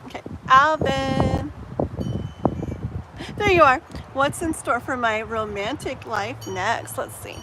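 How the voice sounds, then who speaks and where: A woman in her thirties reading tarot on a live stream, chatting to viewers in a rambling, animated way. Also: high-pitched, slow pace, background noise. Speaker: tarot reader.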